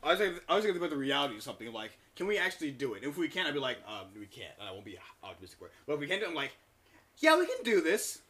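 A man's voice: medium pitch, sing-song, racing, hardly any pauses, sharp tone. A young man in casual chat with friends, joking loosely, swearing and laughing often.

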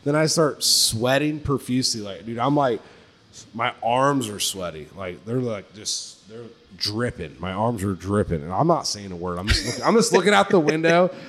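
A man co-hosting a podcast, telling a long story in casual chat, swearing often and jumping high in pitch when he quotes himself. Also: normal speed, slight background noise. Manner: profane, animated storytelling, pitch jumps high on quoted lines. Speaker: podcast co-host.

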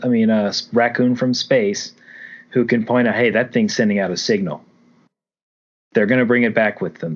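A man co-hosting a podcast, recapping and reviewing a film in animated, casual chat with the odd swear word. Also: lowish voice. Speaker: podcast co-host. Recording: dull lo-fi audio.

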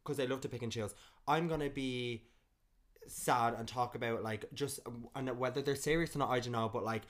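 A man co-hosting a casual podcast, rambling loosely and filling his sentences with "like". His voice sits at an ordinary middle pitch. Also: normal speed. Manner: rambling, heavy use of "like", restarts. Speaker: podcast co-host.

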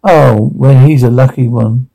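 A man's voice: mid-range voice, unhurried, creaky, warm tone, rough recording. An actor playing a blunt, sarcastic, foul-mouthed working father in film dialogue. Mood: sour. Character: gruff, foul-mouthed blue-collar father, middle-aged.

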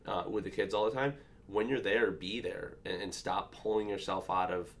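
Speaking in a deep, fairly even voice, a father in his thirties co-hosts a podcast and reflects casually on parenting. He tells stories but keeps breaking off to restart, with slight background noise present.

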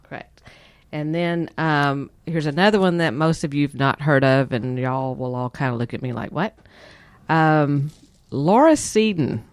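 A woman's voice: deep voice, a little slow, smooth, no echo. A woman, co-hosting a health podcast and chattily explaining products. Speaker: podcast co-host. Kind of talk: casual health podcast chat.

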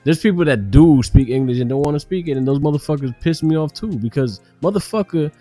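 A man's voice: on the high side, animated, fast, mellow, soft background music. A man on a casual podcast, ranting with heavy swearing. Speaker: podcast co-host.

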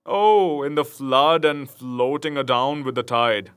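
Male reader doing a bold outlaw leader: hearty, raised voice, bright tone, old-fashioned speech. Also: mid-range voice, takes it slowly, clear, resonant tone, dry recording.

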